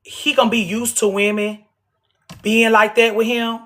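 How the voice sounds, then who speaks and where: Her voice a little high and fairly bright, a woman livestreaming from home delivers an unscripted monologue slightly slowly and with a flat delivery. She talks bluntly, curses a lot, and repeats herself to hammer her points.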